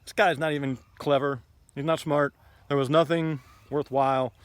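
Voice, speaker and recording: A man's voice: a little high, fairly even intonation, moderate pace, no room sound. A man giving a casual, rambling tour of his garden outdoors. He is blunt and opinionated and fills his talk with ums and asides. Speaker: homesteading vlogger.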